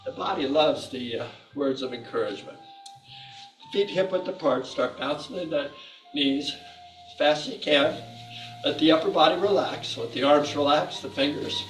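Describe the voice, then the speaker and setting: A man's voice: fairly high pitch, far from the mic. A male fitness instructor guiding a class through tapping, stretching and laughter exercises, with upbeat, coaxing cues and chanted laughs. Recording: echoey room, voice off-mic, faint music.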